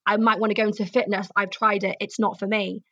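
A woman's voice: medium pitch, level tone, fast, fairly bright tone, no room sound. Earnest young Welsh woman, dry dull sound. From Wales. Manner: earnest, open, repeats herself for emphasis. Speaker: actress, interview guest. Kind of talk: candid interview.

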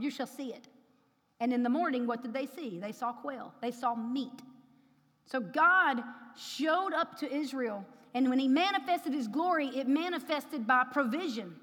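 A woman preacher telling a personal testimony in a sermon, rising to loud, emphatic preaching. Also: sits high, moderate pace. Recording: long hall reverb.

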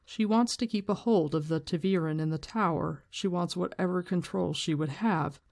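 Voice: mid-range voice, moderate pace, gravelly, darkish tone. A book commentator who reads passages aloud and gives candid, opinionated views in a casual way, swearing now and then.

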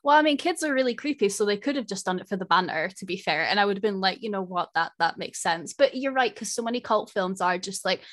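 A woman co-hosting a casual film podcast. She talks quickly and chattily, and she swears. Her voice sits at a middle pitch. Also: lively intonation, fairly bright tone. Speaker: podcast co-host. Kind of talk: casual film-review chat.

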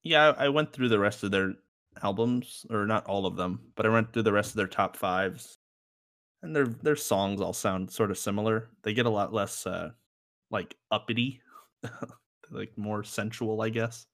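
A man's voice: lowish voice, moderate pace, a bit bright. A man co-hosting a casual music podcast, rambling and joking as he reviews songs. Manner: rambling, joking, laughs often. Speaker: podcast co-host.

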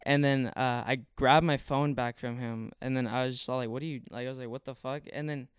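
Smooth-voiced young man telling a story. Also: medium pitch, fairly even intonation, fairly quick, no room sound, clean studio sound. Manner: rambling slangy storytelling, heavy fillers. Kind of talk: casual chat.

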